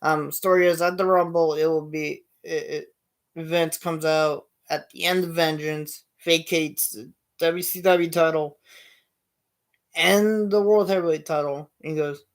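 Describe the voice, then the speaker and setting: A man's voice: a little high, fairly even intonation, a little slow. A man hosting his own show, telling a long story in a rambling way with many fillers and restarts. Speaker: show host. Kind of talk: casual storytelling.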